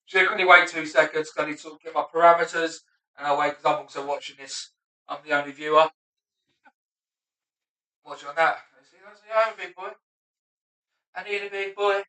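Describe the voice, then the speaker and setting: A man in his thirties rehearses stand-up alone at home, swearing freely and mocking himself between jokes. His voice sits high and sounds bright and edgy. The camera picks him up from across a room that rings a little. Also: steady tone, moderate pace, pauses often. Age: 30s. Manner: self-mocking, sweary, muttering asides between punchlines. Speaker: stand-up comedian. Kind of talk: rehearsing a stand-up set aloud. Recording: roomy and distant.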